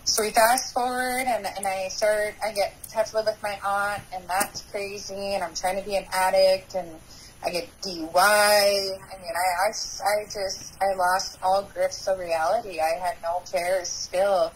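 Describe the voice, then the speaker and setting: A woman guest on a recovery podcast, telling her personal story in a halting way, with many pauses and restarts. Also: mid-range voice, flat delivery, breathy edge, low-quality recording.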